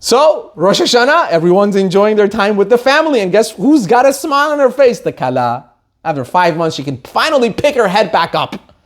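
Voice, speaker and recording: A man, a rabbi, telling a story in an animated sermon. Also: high-pitched, fairly quick.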